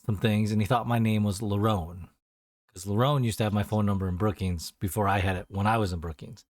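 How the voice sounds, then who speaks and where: A man's voice: lowish voice, fairly even intonation, a little fast, no echo, clean studio sound. A man co-hosting a casual podcast, telling rambling stories and acting out phone callers in a raised voice. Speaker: podcast co-host. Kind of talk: casual chat.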